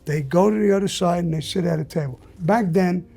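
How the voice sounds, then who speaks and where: A man being interviewed, telling a story bluntly and profanely in a casual, animated way. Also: high-pitched, brisk, creaky, breathy edge, soft background music. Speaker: interview guest.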